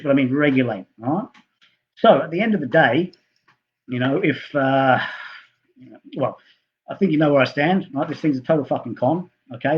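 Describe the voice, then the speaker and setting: Middle-aged male health coach, heated profane rambler, slightly raised pitch, muffled low-fi audio. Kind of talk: ranting monologue to camera.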